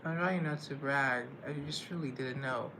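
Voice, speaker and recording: A man's voice: medium pitch, normal speed, pushed and bright, slight background noise. A man chatting casually on a live stream, self-deprecating and playfully sarcastic.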